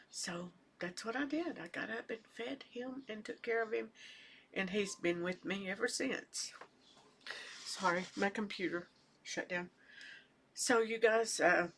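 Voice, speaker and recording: An older woman chatting casually at home as a knitting vlogger, rambling and soft-spoken, sometimes trailing off into near-whispers. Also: mid-range voice, a little slow, slight background noise. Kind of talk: casual chat.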